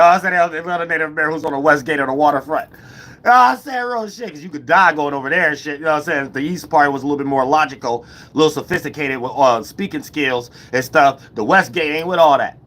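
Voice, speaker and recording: A man's voice: on the high side, fairly bright tone. A man with a slightly raised voice talks to his viewers in a loose, rambling monologue. His grammar is casual and full of slang and swearing, and he keeps tagging lines with filler check-ins. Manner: rambling, repeats "you know what I'm saying". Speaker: channel host.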